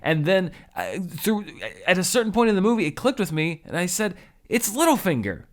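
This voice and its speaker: A man giving a spoken movie review in a wry, animated way, jumping high in pitch for emphasis. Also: a little fast. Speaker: film critic.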